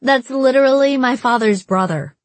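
Brief: female narrator as an insistent young woman, higher voice, dry close sound. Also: moderate pace, no echo, close to an everyday voice. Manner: insistent, exasperated. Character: earnest young woman, firm protective friend.

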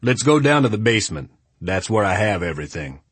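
A man voicing a short, gruff middle-aged homeowner who speaks bluntly and with command, in an audiobook. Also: lowish voice, very animated, fairly quick, a bit bright, dry recording, heavily acted. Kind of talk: audiobook character voice.

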